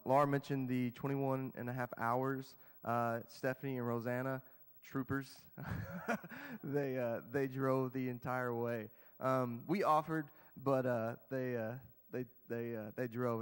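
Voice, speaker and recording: A man's voice: mid-range voice, clear, resonant tone. A man, a youth pastor, thanking the congregation with many "um" and "uh" fillers. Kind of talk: church announcements. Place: church sanctuary. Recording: long church hall reverb.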